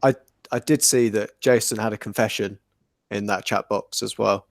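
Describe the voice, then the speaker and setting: A man's voice: lowish voice, fairly even intonation, normal speed, gravelly, no room sound. A man hosting a live-streamed fan podcast, teasing his co-hosts and joking with viewers. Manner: teasing, jokey. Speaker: podcast host.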